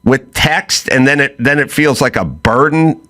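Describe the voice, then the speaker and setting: A middle-aged man hosting a chat show, telling a story in a loose, animated way and acting out both sides of the quoted talk. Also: medium pitch, a little slow. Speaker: podcast host.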